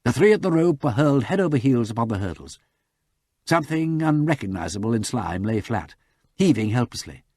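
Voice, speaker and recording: A man reading a novel aloud as an audiobook narrator, with dramatic, lively narration. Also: mid-range voice, a little fast, dry recording, clean studio sound. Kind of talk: scripted narration.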